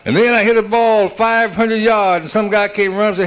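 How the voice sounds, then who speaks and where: A man doing a stand-up comedy routine, rattling off one-liners built on quick "I said, she said" exchanges. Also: sits high, fairly even intonation, fairly bright tone. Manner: rapid-fire joke telling with "I said, she said" setups.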